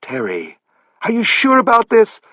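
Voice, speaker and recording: A whiny, pleading man caught in a betrayal, his voice pushed up high and nervous, as a male narrator puts him on. He sounds defensive and desperate, lively in pitch. The audiobook recording is dull and dry. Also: a little slow, no room sound, heavily acted. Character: guilty pleading male boat partner.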